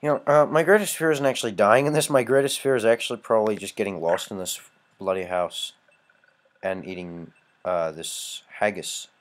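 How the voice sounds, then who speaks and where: A man from Canada narrates his gameplay in a lowish voice, mocking the game with dry sarcasm. He swears freely and breaks into frustrated yelling. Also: moderate pace. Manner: sarcastic, profane, shouts when frustrated. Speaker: let's play host. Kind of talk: gameplay commentary.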